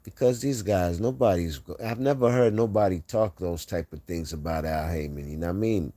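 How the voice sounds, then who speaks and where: A man's voice: low-pitched, normal speed, mellow, no room sound. A man hosting a casual boxing livestream, reading chat aloud and talking trash.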